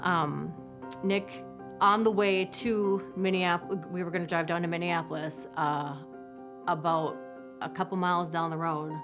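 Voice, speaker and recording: A woman tells her family's story in a low, dark-toned voice. She speaks haltingly, restarting her sentences as she relives the moments. Soft music plays faintly behind her. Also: fairly even intonation. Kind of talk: personal testimony interview.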